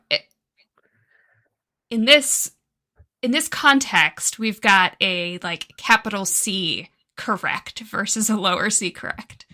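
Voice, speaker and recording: A woman hosting an interview, asking curious, measured questions. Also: medium pitch, bright, forceful tone. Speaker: podcast host.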